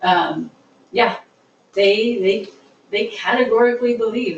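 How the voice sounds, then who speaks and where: A woman's voice: mid-range voice, unhurried, muffled recording, slight background noise. A woman leading a classroom discussion, explaining earnestly with everyday examples. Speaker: instructor on trauma-informed teaching. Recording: echoey room, voice from far off.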